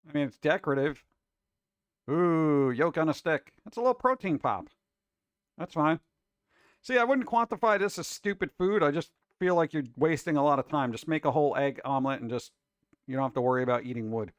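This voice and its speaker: Pria animasi yang jengkel dan suka bercanda. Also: male voice, fairly high pitch, brisk, dry recording. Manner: exasperated, wisecracking, animated. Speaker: show host reacting to food videos. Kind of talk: casual reaction commentary.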